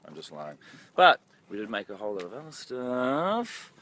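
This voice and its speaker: A man's voice: on the low side, sing-song, moderate pace, bright, forceful tone, low-quality recording. A man directing a film who hosts a casual walking livestream, rambling and joking about himself with many ums, filmed on a phone held at arm's length. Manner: rambling, jokey and self-mocking, with many ums. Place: outdoor film set by a lake. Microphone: phone held at arm's length while walking. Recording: outdoor set noise behind the voice.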